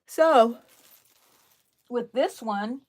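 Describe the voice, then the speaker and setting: A woman's voice: fairly high pitch, very slow. A woman from Texas with a Texan accent, chatting casually and rambling as she reads viewer comments while crocheting on a live stream. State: tired, yawning. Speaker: crochet channel host.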